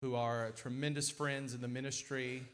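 A middle-aged man preaching a sermon in a church, folksy and lively, with sudden loud, emphatic swells. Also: mid-range voice, normal speed. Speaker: guest preacher. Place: church sanctuary.

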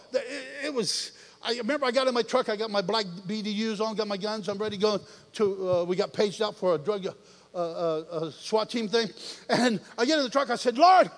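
A man preaching a sermon, animated and joking, acting out voices as he tells stories. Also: high voice. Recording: long reverb of a large hall.

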